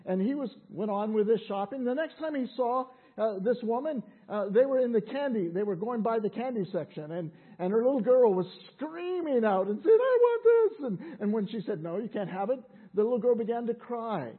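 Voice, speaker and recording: A man's voice: very high voice, expressive, fairly quick, few pauses, husky. A man preaching a sermon in a conversational way, often repeating words as he restarts. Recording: tinny phone-like sound.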